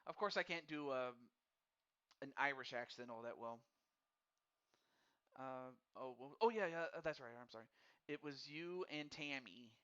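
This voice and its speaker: A man with a medium-pitched, clean yet sharp voice hosts a live wrestling game stream, speaking unhurriedly with long pauses. He chats with viewers in a casual, friendly way, addressing them directly and often stammering and repeating words as he thinks aloud. The recording is dull and lo-fi.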